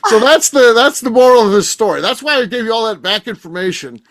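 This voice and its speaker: A middle-aged man hosting a podcast, telling a rambling story in casual chat, animated and swearing freely. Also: extremely high pitch, fast. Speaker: podcast host.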